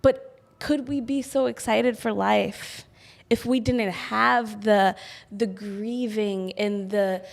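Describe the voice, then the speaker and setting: A young woman co-hosts a podcast with lively, giggly energy. Her voice sits at a middle pitch, and she talks as if she is picturing every scene she describes. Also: takes it slowly, vocal fry. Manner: animated, giggly, visual storyteller. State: pregnant. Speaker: podcast co-host. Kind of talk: casual chat.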